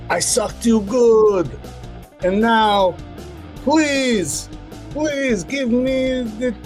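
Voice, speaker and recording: Boastful young man with a put-on Russian accent, as a male player hams it up, high and slow, faint guitar music behind. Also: a little mellow. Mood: pleading.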